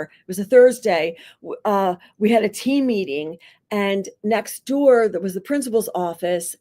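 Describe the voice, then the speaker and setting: A woman, a school psychologist, talking on a podcast and telling a story, acting out the people in it and filling her talk with "like" and "you know". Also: medium pitch. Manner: animated storyteller who acts out quotes with a rising voice; conversational, many fillers like "like" and "you know". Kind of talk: podcast interview, teaching by story.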